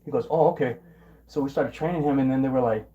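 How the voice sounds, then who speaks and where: A young man casually telling a rambling story about his old job, often restarting words and clearing his throat. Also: medium pitch, fast talker, warm tone, lo-fi sound. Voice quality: occasional throat clearing and coughing. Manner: rambling, repeats words and restarts, mimics coworkers in quotes. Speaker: vlogger.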